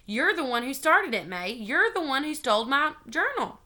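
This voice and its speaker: A woman's voice: high-pitched, very animated, moderate pace, bright, forceful tone, voice pushed up, exaggerated voice. A woman voicing a feisty, defiant little schoolgirl who argues indignantly. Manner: spirited, indignant.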